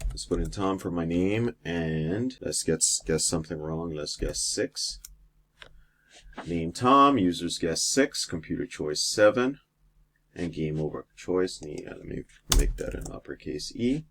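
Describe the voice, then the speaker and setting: A man's voice: low voice, unhurried. A man teacher walking through a coding exercise step by step, with some fillers, as he types. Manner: steady step-by-step explaining with fillers. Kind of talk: screen-recorded coding lesson.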